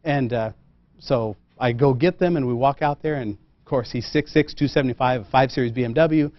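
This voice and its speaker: A man, a tailor, tells a lively personal story to a room, acting out the dialogue and poking fun at himself. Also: medium pitch, moderate pace, no echo. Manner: animated anecdotal, acts out quoted dialogue, self-deprecating. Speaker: custom tailor and guest speaker. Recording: muffled dull sound.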